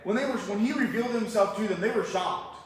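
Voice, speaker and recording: A man preaching a verse-by-verse sermon, his voice sitting high for a man. He keeps it conversational and tosses rhetorical questions at the congregation. The sound is distant and bathed in heavy hall echo, with faint room noise underneath. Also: quick pace. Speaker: pastor. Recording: echoey hall, mic far off.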